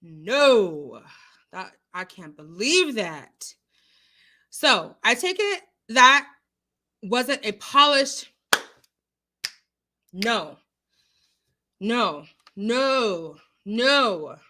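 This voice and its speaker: Woman streamer, higher voice, easygoing and animated, reads and answers chat. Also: extremely slow, pauses often. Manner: chatty, animated, laughs often, talks back to chat. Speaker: live stream host. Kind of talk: casual live-stream chat reading comments.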